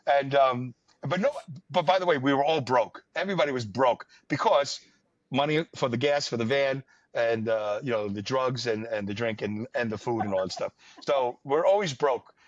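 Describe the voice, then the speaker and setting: A man's voice: medium pitch, moderate pace, no echo. A man, hosting a podcast and telling rambling, wry stories in casual chat. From New York area, US. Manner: rambling, wry storyteller with many fillers. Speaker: podcast host. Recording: dull lo-fi dry sound.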